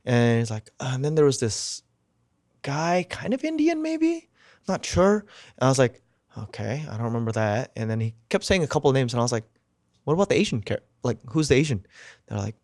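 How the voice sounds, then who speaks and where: A man's voice: medium pitch, fast talker, dry recording, clean studio sound. A man as a podcast guest, telling a story casually and with energy, swearing freely and acting out what people said. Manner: animated, swears casually, acts out quotes.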